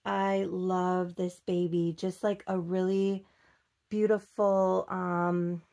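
A woman from Minnesota, chatting casually as she unboxes a doll and gushes over it with soft cooing and many fillers. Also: on the low side, level tone, creaky. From Minnesota, United States. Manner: slow and unhurried, with many fillers. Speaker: doll collector vlogger.

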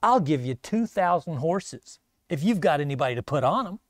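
A man's voice: fairly high pitch, sing-song, moderate pace, dry recording, studio quality. A man voicing a boastful, bullying male army commander who mocks and threatens. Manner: mocking, bullying.

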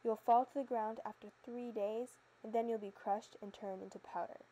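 A woman's voice: a little high, steady tone, normal speed, mellow, lo-fi sound, a little hiss or hum, lightly acted. Woman reading as a blustering giant ogre. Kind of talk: storybook narration.

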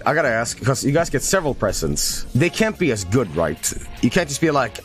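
A man streaming a game, joking and swearing with excitable commentary. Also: mid-range voice, brisk, soft background music. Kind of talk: casual live-stream commentary.

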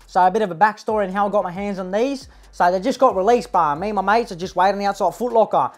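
Over soft background music, a woman speaks at medium pitch and a quick pace, near her everyday voice. She hosts a comedy parody, playing a cocky young male eshay with an Australian accent who brags in slang and finishes each line with "bruh" or "lad".

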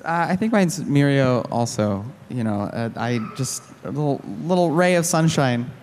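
A man's voice: mid-range voice, lively intonation, normal speed, darkish tone, slight background noise. A man on a convention panel chatting casually and chiming in with friendly remarks. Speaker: voice actor panelist.

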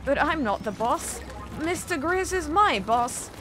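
A woman's voice: high voice, expressive, a little slow, rough recording. A woman streaming a game, chatting playfully as she plays, laughing often and cursing at the screen. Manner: playful, giggly, swears often. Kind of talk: casual gameplay commentary. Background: game music.

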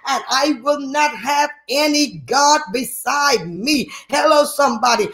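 A man's voice: very high voice, a bit bright. A man preaching a sermon, working the crowd with call-and-response and repeated phrases. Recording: echoey room.

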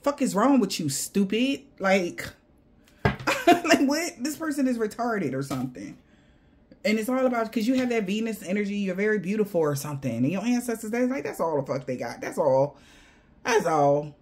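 A woman's voice: mid-range voice, sing-song, normal speed, a little hiss or hum. A woman giving a casual tarot reading to viewers. She talks in loose slang, swears often and laughs between her asides. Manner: blunt and profane, loose slangy chatter. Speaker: tarot card reader.

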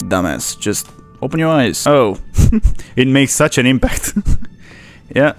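A man's voice: mid-range voice, sing-song, normal speed. Sarcastic man narrating his gameplay. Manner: sarcastic, talks to enemies, laughs often. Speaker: gaming channel host. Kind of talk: live gameplay commentary.

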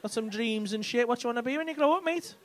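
A stand-up comedian with a very high voice talks fast, teasing and swearing freely as he works the crowd from a club stage. Background noise and faint audience laughter come through.

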